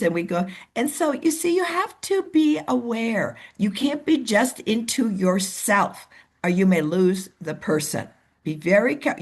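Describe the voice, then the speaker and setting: Woman coaching her team on a video call, animated, does little voices of people. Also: medium pitch. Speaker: team leader. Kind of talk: motivational coaching talk.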